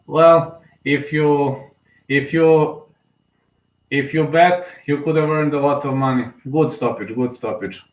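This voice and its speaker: A young man giving live, emotional fan commentary on a fight, excitable and often repeating himself. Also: on the high side, slow pace. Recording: roomy echo.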